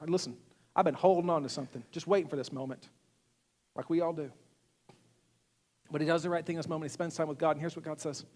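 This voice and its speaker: A male pastor giving a sermon in an animated way, asking the congregation questions. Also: fairly high pitch, fast, long pauses, big-room sound. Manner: animated, acts out quotes, asks the audience questions.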